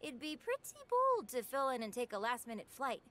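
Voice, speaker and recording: A bubbly young woman in a video game, speaking high and with lots of swing in her voice. She's blunt and teasing, a chatty friend who doesn't hold back. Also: sing-song, brisk, sharp tone, exaggerated voice. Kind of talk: video game character dialogue.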